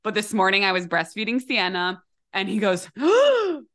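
A woman's voice: medium pitch, fairly even intonation, fairly quick, bright, forceful tone. A young adult woman co-hosting a podcast as a dietitian, talking in an emotional, swearing, casual chat style with lots of restarts.

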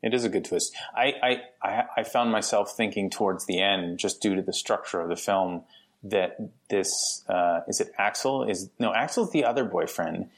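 Guest director, male, deep husky voice, loose rambling chat. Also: normal speed. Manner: rambling, many restarts, laughs often. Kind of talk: casual podcast chat.

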